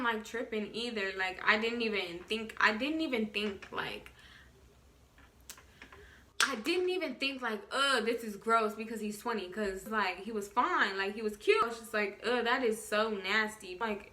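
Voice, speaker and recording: A young adult woman vlogger telling a story in casual storytime style, quick, animated and full of swearing. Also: a little high. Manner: rapid, profane, animated storytelling.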